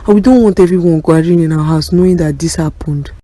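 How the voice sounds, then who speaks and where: A woman's voice: sits low, quick pace, dark tone, no echo. A woman with a Nigerian accent playing a worried middle-aged mother, soothing but urgent. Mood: consoling.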